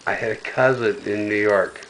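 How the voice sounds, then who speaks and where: A man's voice: fairly low pitch, normal speed, fairly bright tone, slight background noise. A man telling a crude family story in blunt, profane casual talk, raising his voice when he quotes people. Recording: echoey room, mic far off.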